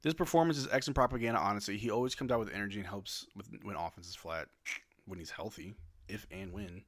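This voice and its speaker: A man's voice: fairly low pitch, fast. A young man hosting a casual live watch-along, calling the plays as a fan with laid-back, resigned asides. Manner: laid-back, resigned, swears then apologizes. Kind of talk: casual fan play-by-play commentary.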